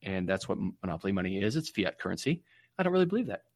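A man hosting a livestream, rambling through absurd comic stories in a deadpan way. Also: low-pitched, racing, no room sound, clean studio sound. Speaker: livestream host.

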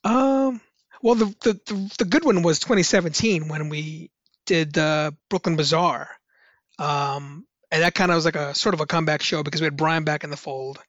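A man's voice: on the high side, moderate pace, a bit bright, dry recording, highs cut off. A man, a musician, telling rambling casual stories with lots of fillers and restarts. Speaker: musician guest on a podcast. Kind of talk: casual anecdotal storytelling.

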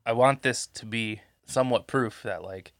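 A man's voice: medium pitch, normal speed, no echo, clean studio sound. A man co-hosting a podcast while sick and congested, rambling and swearing through casual chat and losing his train of thought. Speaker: podcast co-host. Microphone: podcast microphone.

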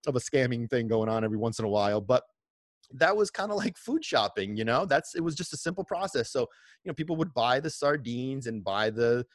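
A middle-aged man casually telling stories from his past in a rambling, animated way, with many restarts. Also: mid-range voice, dry recording, clean studio sound. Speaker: vlogger. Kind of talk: casual nostalgic storytelling.

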